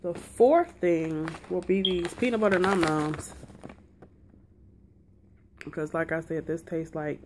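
A lower-pitched woman talks straight to her viewers in a chatty, excitable way, calling them y'all as she does a taste-test vlog at home. A faint hiss sits under the recording. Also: takes it slowly, pauses often. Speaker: vlogger. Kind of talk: casual unboxing and taste-test chat.

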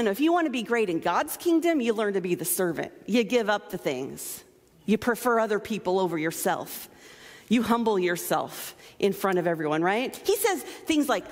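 A woman pastor preaching a sermon, animated and playful, with self-mocking asides. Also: mid-range voice, long reverb tail. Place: church sanctuary.

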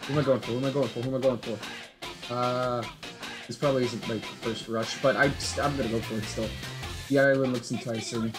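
This voice is a gaming commentator who drops into quiet mumbles one moment and jumps to shrill shouts the next. The talk keeps circling back on the same words, full of mock outrage at their own play. Game music plays clearly underneath, at a voice pitch that sits in the middle. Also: brisk. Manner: excitable, loops the same phrase over and over; swings between low muttering and high yelps. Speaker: gameplay commentator. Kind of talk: live gameplay commentary.

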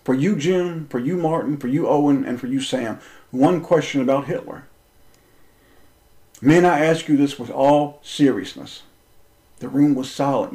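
With a darkish tone, a man recounts a personal story in an impassioned, confrontational rant full of swearing. His speech rises and falls in volume, and the recording is rough.

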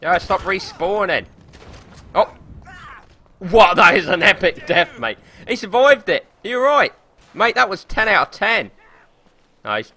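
A young man streaming a game live, commentating excitably with frequent swearing and laughter into a desk or headset microphone. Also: high-pitched. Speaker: gaming streamer.

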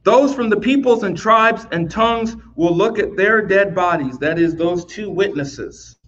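A man explaining scripture in a loose, talky teaching style, repeating words as he goes and tossing in "right?" to check on his listeners. His voice sits a little high for a man. The recording sounds dull and lo-fi. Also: measured pace, fairly bright tone, a little hiss or hum. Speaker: Bible teacher. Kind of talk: recorded Bible lesson.

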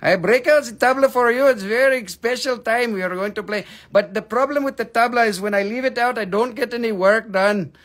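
High-voiced joking man on a live sale. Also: brisk, hardly any pauses, fairly bright tone. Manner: joking, playful, chatty with viewers. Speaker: host of a live rock and mineral sale. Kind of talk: casual live-stream chat.

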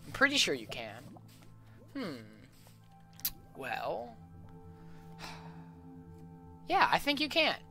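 A man's voice: high-pitched, wildly swooping pitch, slow, pauses often. A man doing let's play gameplay commentary, muttering to himself as he plays and letting out sudden yelps. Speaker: gaming channel host. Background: background music.

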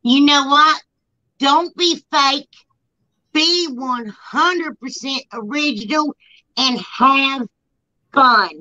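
A woman talks in a casual, blunt, joking way and laughs often. Her voice is high and bright. The sound is dry and a little dull, as if from a low-grade mic. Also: extremely slow, pauses often, dry recording. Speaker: YouTube channel host. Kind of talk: casual chat.

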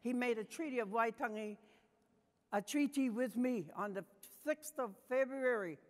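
Older nz woman telling stories at a conference, kinda high voice, passionate, big echoey hall. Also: normal speed. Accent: New Zealand. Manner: passionate, swings between soft and emphatic. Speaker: conference speaker. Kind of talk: personal storytelling talk. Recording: long hall reverb.

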